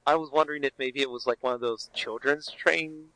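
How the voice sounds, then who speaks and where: A man's voice: mid-range voice, steady tone, brisk, over a noisy crowd, poor audio. A man on a podcast chiming in with hesitant, trailing thoughts during a casual chat.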